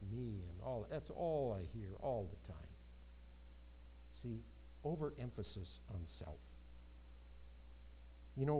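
A man preaching a sermon, swinging between loud emphatic exclamations and quieter asides. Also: mid-range voice, slight background noise, rough recording. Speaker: pastor.

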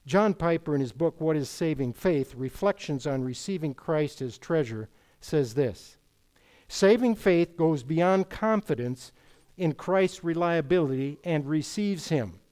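A man's voice: on the high side, lively intonation, measured pace, a little mellow. A man preaching an expository sermon, quoting scripture and asking rhetorical questions. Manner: emphatic, rhetorical questions, quotes scripture in King James wording.

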